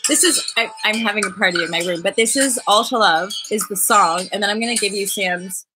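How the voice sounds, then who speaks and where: A woman's voice: mid-range voice, fairly quick, music in the background. A Canadian woman in her thirties hosting a spiritual web show, talking in a loose, rambling livestream chat and often restarting her sentences.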